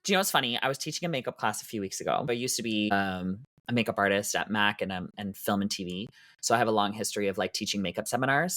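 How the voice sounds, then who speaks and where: A man's voice: on the low side, fairly bright tone, no room sound, clean studio sound. A man from Canada who performs in drag, guesting on a podcast and telling stories in a camp, theatrical way with self-mocking boasts. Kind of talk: casual podcast chat, storytelling.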